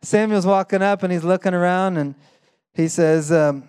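A young adult man preaching a sermon in a conversational, animated way, full of "like" and acted-out quotes. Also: normal speed, clean tone. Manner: animated, acts out quoted voices with sudden high bursts; conversational with frequent "like" fillers. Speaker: pastor.

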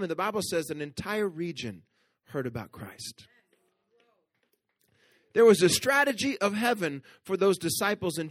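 Bright-voiced, high-pitched pastor. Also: male voice, no echo. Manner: storytelling with rising, playful asides to the congregation; drops to a soft, hushed voice for tender moments. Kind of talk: sermon.

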